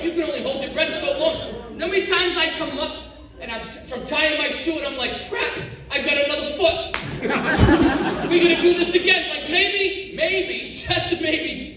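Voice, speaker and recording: Middle-aged male stand-up, high animated delivery, distant echoey live recording. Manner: animated storyteller acting out dialogue. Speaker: stand-up comedian. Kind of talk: stand-up comedy set. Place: comedy show stage. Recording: echoey live room from far off, noisy. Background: audience laughter.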